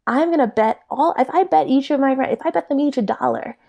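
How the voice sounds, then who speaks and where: Lady doing some amazed backroads southern guy, keeps rambling, voice pitched way up. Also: lively intonation, fast talker, creaky, mellow. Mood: incredulous. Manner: incredulous, rambling. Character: flabbergasted rural Southern man, chatty.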